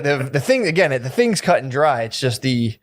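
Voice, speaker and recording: A man's voice: mid-range voice, big pitch swings, fairly quick, a little hiss or hum. A man in loose, profane podcast chat, rambling with many restarts.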